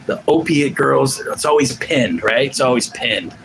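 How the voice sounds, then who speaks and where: Man in his forties, live-stream host, lively swooping delivery, profane rambler, faint hiss behind. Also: mid-range voice, unhurried, gravelly, low-quality recording. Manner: rambling, profane, restarts often. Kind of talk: casual live-stream chat.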